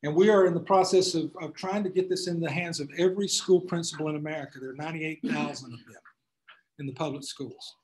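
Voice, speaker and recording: Male attorney lecturing a class, conversational, restarts a lot, slightly high voice. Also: steady tone, fast, a little mellow, poor audio. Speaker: attorney giving a class talk. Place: room full of people.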